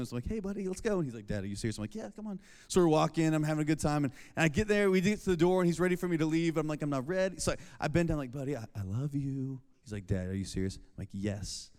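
A man, preaching a casual, jokey sermon to high school students and acting out family scenes. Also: darkish tone. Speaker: youth pastor. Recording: long reverb of a large hall.

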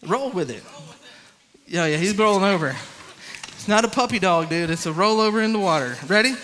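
Man as youth pastor, high and bright, interactive coaching delivery, reverberant hall. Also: fast talker, a little hiss or hum. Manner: energetic, interactive, coaching and calling on the crowd. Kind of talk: youth sermon with a live swimming demonstration.

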